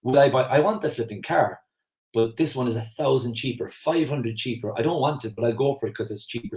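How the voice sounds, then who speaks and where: A man's voice: medium pitch, a little mellow, reverberant, rough recording. A man in his forties with an Irish Kerry accent, giving a rambling, anecdotal personal development talk. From Ireland. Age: 40s. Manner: rambling, anecdotal, conversational with fillers. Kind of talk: casual spoken talk.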